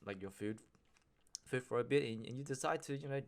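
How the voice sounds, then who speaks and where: Male podcast host, mid-pitched, loose slangy monologue, lots of restarts. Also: a little fast, vocal fry. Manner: rambling, frequent restarts, slangy and profane. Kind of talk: casual solo podcast monologue.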